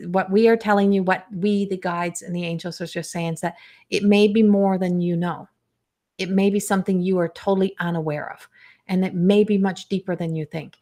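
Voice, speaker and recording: A middle-aged woman giving live spiritual guidance in a slow, soothing way, with frequent trailing restarts. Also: on the low side. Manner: animated storytelling with acted quotes. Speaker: intuitive guide and spiritual coach.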